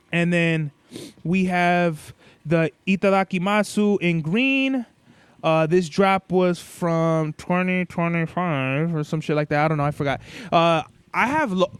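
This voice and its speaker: A man's voice: sits high, smooth, dry recording. A young man hosting a podcast, ranting in a casual, profane, blunt way. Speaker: podcast host. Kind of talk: casual rant. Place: indoors. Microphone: cabled microphone.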